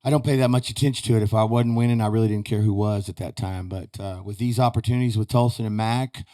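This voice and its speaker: A man's voice: lowish voice, steady tone, quick pace, mellow. A man telling rambling, folksy stories as a guest in a studio. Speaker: podcast guest, retired rodeo roper. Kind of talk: casual chat.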